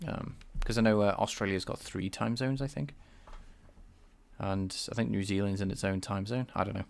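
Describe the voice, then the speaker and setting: Gravelly low-voiced man thinking aloud. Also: fairly even intonation, normal speed. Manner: hesitant, repeats himself while thinking. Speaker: game developer livestreaming. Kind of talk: casual thinking-aloud coding stream.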